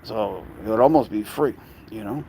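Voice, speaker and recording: A man's voice: fairly low pitch, moderate pace, creaky, a little mellow, a little hiss or hum. Chatty New York man cooing to cats. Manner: cooing baby talk to his cats, rambling and chatty. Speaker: pet owner livestreaming. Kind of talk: casual live stream chat.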